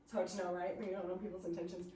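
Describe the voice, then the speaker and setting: A woman's voice: on the low side, flat delivery, very fast, dark tone. A woman teaching a literature class, chatty, often laughing and reading passages aloud. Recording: echoey classroom from far off, faint noise.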